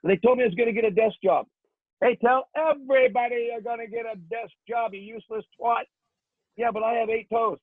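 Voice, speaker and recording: A man voicing a foul-mouthed male Marine drill instructor who yells insults in a clipped cadence, heard over a tinny phone-like line. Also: very high voice, fairly even intonation, fairly quick, no echo, pitched above the performer's own voice. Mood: raging.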